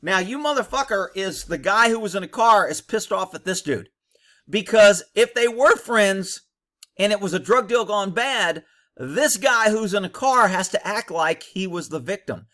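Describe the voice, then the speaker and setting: Ex-cop man commenting on footage, higher-pitched and bright, blunt and opinionated. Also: lively intonation, normal speed. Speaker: former police officer commentator. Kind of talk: commentary over bodycam footage.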